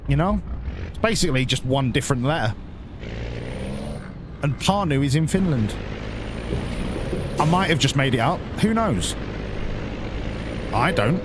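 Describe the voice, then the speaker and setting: A man's voice: a little high, expressive, measured pace, pauses often. A British man rambling crudely and jokingly to himself while driving a truck in a game. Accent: British English. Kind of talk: casual rambling commentary. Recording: loud road and engine noise behind.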